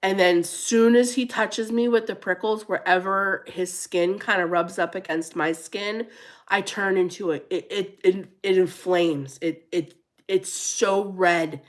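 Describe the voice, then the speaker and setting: A middle-aged woman hosting a casual livestream chat, animated and laughing often, going high and squealy when she quotes herself. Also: measured pace. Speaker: livestream host.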